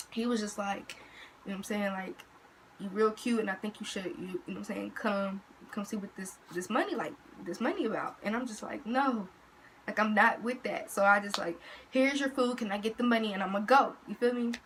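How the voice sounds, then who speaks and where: A teenage girl telling a story in a casual, slangy, animated way to her vlog audience. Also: medium pitch, fairly quick, slight background noise, rough recording. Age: teens. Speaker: vlogger.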